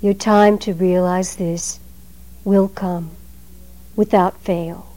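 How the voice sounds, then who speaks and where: A woman giving a Zen dharma talk in a measured, emphatic way, letting her phrases trail off softly. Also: fairly low pitch, fairly even intonation, poor audio.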